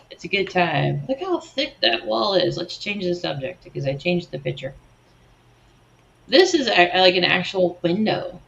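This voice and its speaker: Gravelly low-voiced woman chatting on a livestream. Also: big pitch swings, a little slow, long pauses, fairly bright tone, lo-fi sound, a little hiss or hum. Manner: self-deprecating, stumbles over words and laughs. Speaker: co-host of a livestream slideshow. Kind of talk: casual live chat over photos.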